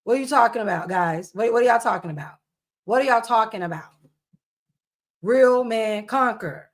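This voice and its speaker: A woman giving casual reaction commentary, blunt and scolding, repeating her points with emphasis. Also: on the high side.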